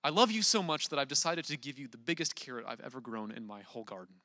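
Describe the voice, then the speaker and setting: A man's voice: medium pitch, sing-song, fast, sharp tone, dry recording, studio quality. A man voicing a humble, devoted peasant who speaks eagerly and earnestly.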